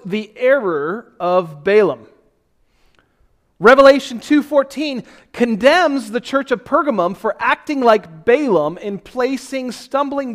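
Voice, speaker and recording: A man pastor giving a sermon, reading scripture aloud and then explaining it in a loose, conversational way with self-deprecating asides. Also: high-pitched.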